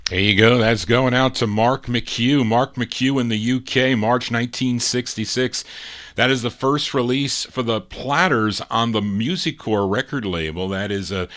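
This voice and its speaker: Slow-talking male record-show DJ. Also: mid-range voice, fairly bright tone. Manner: unhurried, lists record details between songs. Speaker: radio DJ. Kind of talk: live vinyl record show announcing.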